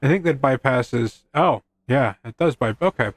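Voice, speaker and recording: Animated and medium-pitched, a gaming streamer speaks at normal speed with no echo. He rambles through laid-back commentary, throws in self-deprecating quips, and chats with his in-game horse.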